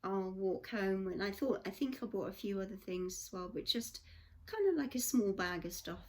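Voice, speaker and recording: A woman's voice: medium pitch, lively intonation, normal speed. An English woman vlogger telling a rambling personal story in a chatty way, full of asides. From England. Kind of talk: casual storytelling.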